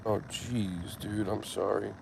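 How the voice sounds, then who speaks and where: A man casually chatting on a livestream in a halting, meandering way full of ums, gently coaxing a cat at times, recorded outdoors. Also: on the low side, little pitch movement, vocal fry. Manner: coaxing and tender when speaking to a cat. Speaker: livestream host. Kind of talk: casual rambling livestream chat. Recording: noisy outdoor recording with passing traffic.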